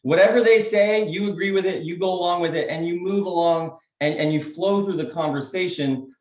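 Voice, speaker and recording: A man, a real estate agent on a panel, giving casual sales tips and acting out phone calls in quick voices. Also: sits high, roomy sound, dull audio.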